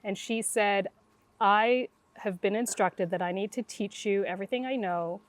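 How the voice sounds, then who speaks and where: Recorded with no room sound, a middle-aged woman speaks at a medium pitch and moderate pace as a guest intuitive sharing her story. She acts out the quoted dialogue with animated energy.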